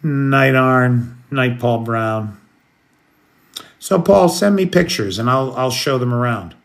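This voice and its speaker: A man's voice: mid-range voice, takes it slowly, creaky. An American man hosting a late-night livestream, chatting casually and greeting viewers by name. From United States. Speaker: livestream host. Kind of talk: casual live chat, answering viewers.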